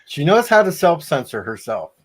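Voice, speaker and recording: A man's voice: a little high, sing-song, moderate pace, slightly rough. A man in casual chat on his stream, quippy and teasing.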